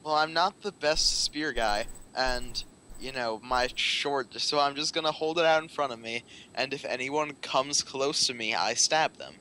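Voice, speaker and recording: A man playing a tabletop game, describing his character's moves in a halting, joking way with lots of fillers. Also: mid-range voice, bright, forceful tone, a little hiss or hum, poor audio. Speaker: player. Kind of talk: casual tabletop game chat.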